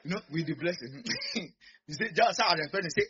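A man's voice: on the high side, lively intonation, a little fast, fairly bright tone. A man preaching a sermon, repeating lines and calling on the congregation to answer back. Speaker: pastor. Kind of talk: sermon with call-and-response. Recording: dull lo-fi recording.

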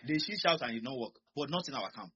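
A man with a Nigerian accent preaching a sermon, swinging from quiet asides to loud shouts. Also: mid-range voice, animated, fast, breathy edge, lo-fi sound.

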